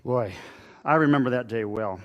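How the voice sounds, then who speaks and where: A pastor delivering a dramatic first-person monologue during a church service, telling it in a conversational way with halting pauses and restarts. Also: male voice, medium pitch, lo-fi sound. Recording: echoey hall with long reverb.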